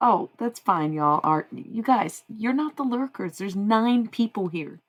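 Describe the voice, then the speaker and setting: A woman's voice: mid-range voice, expressive, a little slow, rough recording. A young woman streaming live, chatting casually with her viewers, laughing often and swearing freely.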